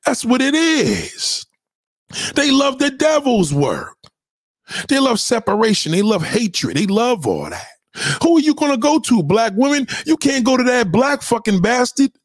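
A man's voice: very high-pitched, wildly swooping pitch, a little slow, no room sound, clean studio sound. A man hosting a livestream, ranting in a preachy, confrontational way and swearing constantly. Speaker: livestream host. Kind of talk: profane livestream rant.

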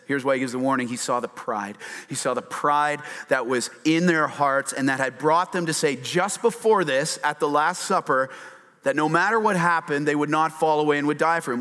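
A man delivers a sermon with lively energy, often jumping into a raised voice to act out what people said. His voice sits on the higher side for a man. A long reverb from the big hall trails behind each phrase. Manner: animated, acts out quotes in a raised voice. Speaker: pastor. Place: church hall with slides on a screen.

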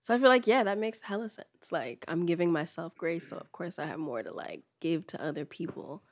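A young woman, a grad student, chatting as a podcast guest in a relaxed, slangy way, swearing freely and trailing into mumbles on asides. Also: lowish voice, a little fast, dry recording. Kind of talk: casual conversation.

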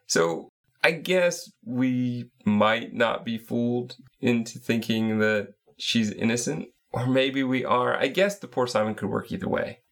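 A man co-hosting a casual podcast, methodically recapping the scenes of a game. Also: mid-range voice. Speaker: podcast co-host.

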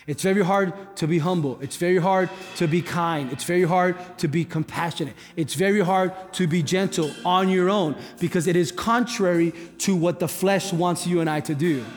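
Higher-pitched male guest pastor preaching. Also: normal speed, hardly any pauses. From Cuba. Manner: conversational, joking asides. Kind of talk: sermon. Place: church hall. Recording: long hall reverb with faint music.

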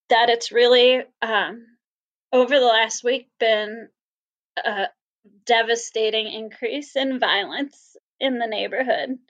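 A woman from the Salvation Army answering interview questions sincerely, with frequent pauses and ums. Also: on the high side, highs cut off.

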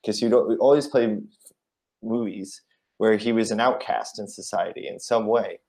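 A man's voice: lowish voice, steady tone, normal speed, a little mellow. A man co-hosting a comedic chat show, playing along with the bit in mock-earnest asides. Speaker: podcast co-host.

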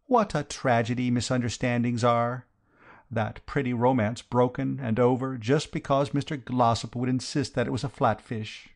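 A man reading an audiobook, voicing a sentimental, dreamy young woman with a breathy, whispery, drawn-out delivery. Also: medium pitch, fairly even intonation, pitched above the performer's own voice, lightly acted. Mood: wistful. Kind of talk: audiobook character voice.

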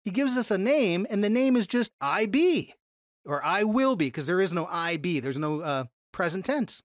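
A Bible study teacher lecturing a class, pitched in the middle of the range. The delivery is explanatory, full of restarts and self-corrections, with key words pushed up in pitch for emphasis. The sound is dry and close. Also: big pitch swings, normal speed, dry recording.

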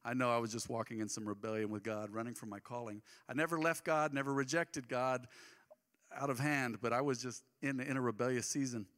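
A male pastor preaching a sermon in a church, impassioned, moving between loud emphatic lines and quiet asides. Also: medium pitch, steady tone, fairly quick. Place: church sanctuary. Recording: long reverb of a church hall.

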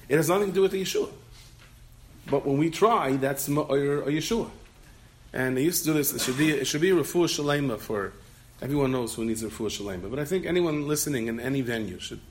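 A man, a rabbi, giving an animated Torah talk, telling a story and acting out the voices in it, with many Yiddish and Hebrew terms. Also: mid-range voice, slight background noise.

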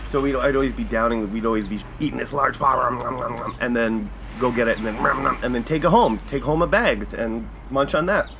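A Canadian man hosting a podcast, telling a casual story with laughs and acting out quotes in jumpy high voices. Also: a little fast, hardly any pauses, noisy background. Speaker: podcast host.

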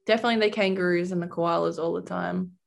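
A woman's voice: fairly low pitch, fairly even intonation, fast, vocal fry, noisy background. Young australian woman, giggly, says like a lot, casual interview chat. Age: young adult. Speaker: guest, college athlete.

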